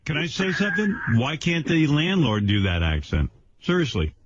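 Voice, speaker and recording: A man's voice: on the high side, moderate pace, slight background noise. A man hosting a radio show, riffing in casual banter. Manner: animated, riffing on ideas. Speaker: radio host. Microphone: studio microphone. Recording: dull lo-fi radio broadcast.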